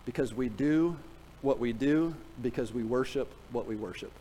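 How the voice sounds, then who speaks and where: A middle-aged man preaching a sermon in a church, telling a story with humor, then dropping to a quiet, earnest tone to drive a point home. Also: mid-range voice, moderate pace, a little hiss or hum, low-quality recording. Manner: animated storytelling, jokes with the congregation; drops to a quiet, earnest tone for emphasis. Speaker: pastor. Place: church sanctuary.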